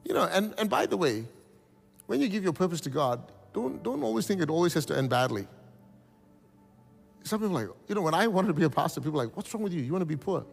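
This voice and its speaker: A man's voice: sits high, fast, creaky, pauses often, in a large hall, faint music behind. A man preaching a sermon as pastor, telling stories with animation and calling on the congregation to repeat after him. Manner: animated storytelling preacher, calls out congregation responses. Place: church hall.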